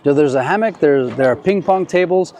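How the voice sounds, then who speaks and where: A chatty man hosts a walk-and-talk vlog outdoors at night, joking and rambling through restarts. His voice sits a bit high, and traffic noise runs loud behind him. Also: expressive, brisk. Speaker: vlogger host. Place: outdoor city streets at night. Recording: noisy outdoor street.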